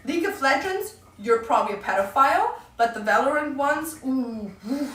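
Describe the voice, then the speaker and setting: A woman's voice: sits high, lively intonation, moderate pace, fairly bright tone. Profane, mocking woman ranting on stream. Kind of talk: casual stream rant. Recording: roomy distant mic, faint noise.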